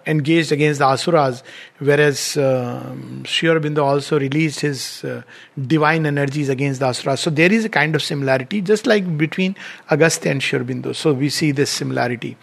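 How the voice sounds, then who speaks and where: High-voiced man telling a myth. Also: fairly quick, creaky. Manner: animated retelling, acting out quoted lines. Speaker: spiritual lecturer. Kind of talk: storytelling lecture on scripture.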